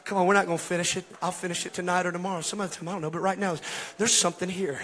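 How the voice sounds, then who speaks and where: A man preaching a Pentecostal sermon to a congregation in a church, swinging from quiet asides to shouted, half-sung climaxes and calling out to the crowd. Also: high-pitched, little pitch movement, rapid-fire. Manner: calls out to congregation, chanting and half-singing lines. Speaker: pastor. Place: church sanctuary.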